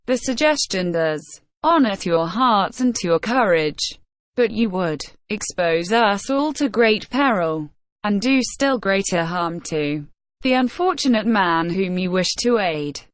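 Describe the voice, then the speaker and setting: A measured, deliberate doctor speaking slowly and evenly, as a woman reads him. His voice sits at a middle pitch and sounds close and dry. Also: expressive, no room sound, natural voice. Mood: earnest. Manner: deliberate, reasoned. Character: calm, measured male doctor, leader.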